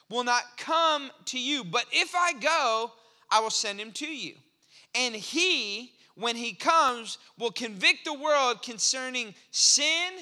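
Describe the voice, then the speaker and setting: A male pastor preaching a sermon in an animated, playful way, sometimes stepping into mock dialogue with his listeners. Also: extremely high pitch, big-room sound.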